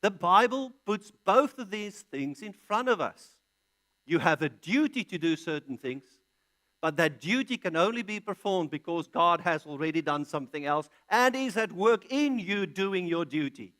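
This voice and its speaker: A man's voice: sits high, lively intonation, normal speed, fairly bright tone. A man preaching an expository sermon, reading scripture aloud and answering his own questions with emphatic, punched key words. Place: large church hall.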